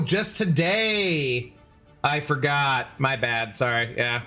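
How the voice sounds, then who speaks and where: A man's voice: medium pitch, takes it slowly, sharp tone, soft background music. A man live-streaming a game, joking and bantering as he answers his chat. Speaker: gaming streamer.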